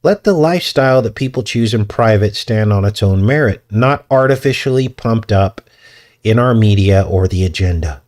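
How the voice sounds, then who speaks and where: A man putting on a slow, measured impression of a male politician making a speech. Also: on the low side, animated, a little mellow, natural voice. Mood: earnest.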